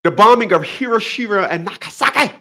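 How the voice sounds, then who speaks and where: Animated mocking man ranting to viewers. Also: high voice, brisk. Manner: mocking, laughs at his own jokes, repeats phrases. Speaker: commentary vlogger. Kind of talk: monologue rant.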